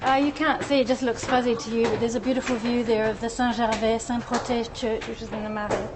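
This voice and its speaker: A woman's voice: a little high, little pitch movement, brisk, music in the background. A woman hosting a phone live stream, chatting and answering viewer comments as she walks and climbs stairs. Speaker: livestream host. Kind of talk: casual live-stream chat. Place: outdoors then climbing a stone stairwell. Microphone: phone held in hand. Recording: noisy street and stairwell sound.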